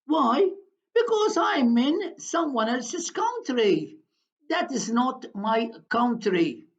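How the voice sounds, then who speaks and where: An older woman telling a story to her viewers in a slow, deliberate monologue, often repeating her phrases, on a dull lo-fi recording. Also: high voice, sing-song. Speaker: commentator.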